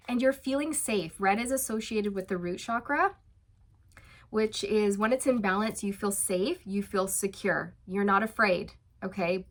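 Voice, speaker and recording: A woman giving a casual tarot reading. She is chatty and encouraging, uses many fillers, laughs lightly, and slows down for emphatic reassurances. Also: mid-range voice. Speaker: tarot reader.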